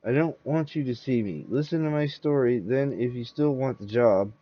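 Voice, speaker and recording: A shaky, secretive man played by a man confesses haltingly, his nerves showing in every phrase. The voice is mid-pitched, and the sound is muffled and lo-fi. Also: close to an everyday voice. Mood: tense confession. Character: nervous, secretive man with a split personality.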